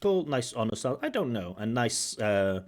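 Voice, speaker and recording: Lively-voiced male examiner giving feedback. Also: mid-range voice, unhurried. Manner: explanatory, stops to comment. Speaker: IELTS examiner and teacher. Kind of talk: spoken exam feedback.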